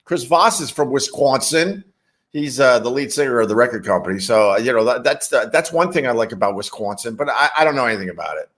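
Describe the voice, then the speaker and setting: A man's voice: mid-range voice, expressive, fast talker, a bit bright. A man hosting a casual livestream, reading chat messages and rambling wryly with casual swearing. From New York.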